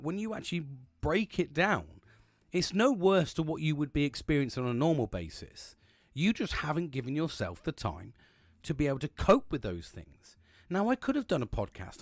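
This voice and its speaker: A man's voice: medium pitch, no echo, studio quality. A man hosting a solo podcast, talking candidly and bluntly in a rambling, casual way, swearing freely and often restarting his sentences. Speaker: podcast host.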